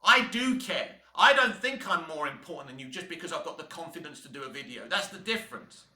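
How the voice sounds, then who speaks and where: A man's voice: on the high side, lively intonation, fairly quick, bright, forceful tone, roomy sound. A man with a Cockney accent giving blunt, heated commentary on films, swearing freely as he rants. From England. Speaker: YouTube film commentator. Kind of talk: opinionated commentary rant.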